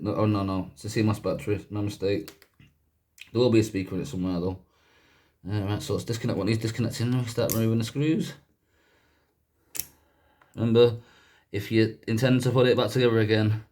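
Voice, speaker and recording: A man's voice: fairly low pitch, darkish tone. A man casually talking through a gadget teardown in a chatty, rambling way, often correcting himself. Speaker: YouTuber doing a gadget teardown.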